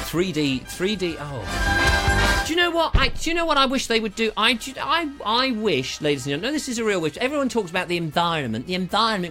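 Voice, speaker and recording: Theatrical man ranting lively. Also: sits high, fairly quick, loud music behind the voice. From England. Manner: theatrical, ranting, with sound effects and asides. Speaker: live show host. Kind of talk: rambling live-stream chat.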